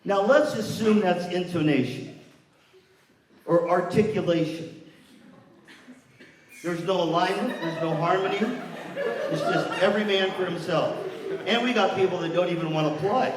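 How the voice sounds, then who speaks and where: Energetic man leading a hall workshop. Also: sits high. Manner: energetic, coaching participants through a partner exercise. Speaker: workshop presenter. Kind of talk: interactive workshop with audience exercise. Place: large hall with an audience. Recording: far-off echoey hall with room noise.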